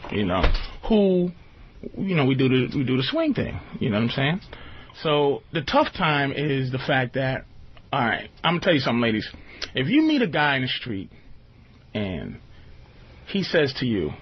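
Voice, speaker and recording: A man's voice: mid-range voice, breathy edge. A man hosting a radio talk show, joking loosely and often asking whether the listener understands. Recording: lo-fi radio recording.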